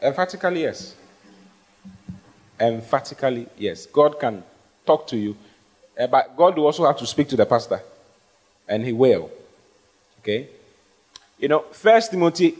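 A man preaching as pastor, emphatic and call-and-response, often asking the congregation to answer. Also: mid-range voice. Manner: emphatic, rising to stressed phrases, asks the congregation questions. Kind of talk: sermon with audience questions.

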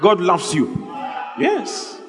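A man preaching an animated, lively sermon as a pastor, joking with his congregation. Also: high voice, very slow, raised voice. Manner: animated, exclaiming, jokes with the congregation. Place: church hall. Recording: long hall reverb, faint music.

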